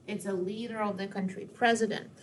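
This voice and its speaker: A woman's voice: medium pitch, steady tone, a little hiss or hum. Woman teacher sounding out syllables. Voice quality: slow, deliberate classroom delivery, stretching out words. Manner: encouraging, sounding words out syllable by syllable. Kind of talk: recorded classroom lesson for children.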